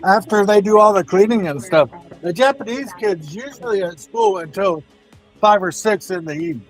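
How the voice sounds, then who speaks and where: Panel guest, man, high voice, quick anecdotes over faint background music. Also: animated, poor audio. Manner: chimes in with short anecdotes. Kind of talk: casual chat.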